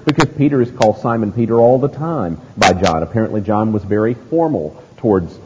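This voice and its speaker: A male pastor delivering an expository sermon, speaking in an emphatic, deliberate preaching manner. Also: fairly low pitch, expressive, muffled recording. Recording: long hall reverb, loud hiss.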